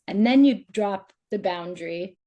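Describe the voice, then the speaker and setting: A woman's voice: medium pitch, expressive, unhurried, dark tone, muffled recording. A woman who coaches on dating and relationships, giving casual, chatty advice as a podcast guest, with many "like"s and acted-out quotes of other people. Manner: chatty, says "like" often, acts out quoted voices.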